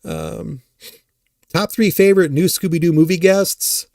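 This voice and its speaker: Gravelly-voiced man rambling on a live stream. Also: sits high, darkish tone, no room sound, clean studio sound. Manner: rambling, halting, self-deprecating. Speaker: streamer answering chat. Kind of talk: casual live-stream chat.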